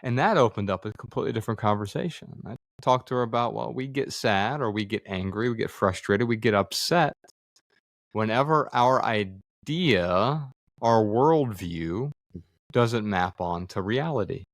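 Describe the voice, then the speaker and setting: Male guest, forties, low voice, dry studio sound, earnest reflective storyteller. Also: lively intonation, normal speed, dry recording. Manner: earnest, acts out quoted dialogue, frequent fillers. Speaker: podcast guest, author. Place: studio room with others present.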